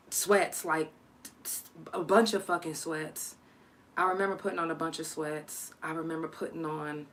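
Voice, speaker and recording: A woman from Oklahoma hosting a live storytime podcast, telling her story in a loose, profane, halting way with many fillers. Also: on the low side. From Oklahoma, USA. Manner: sharp, irritated scolding at callers. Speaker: podcast host.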